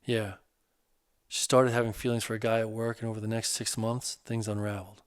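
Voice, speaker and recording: Man playing a hurt divorced guy, earnest, halting, casual talk, lowish voice, dry sound. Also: little pitch movement, smooth, dry recording, natural voice.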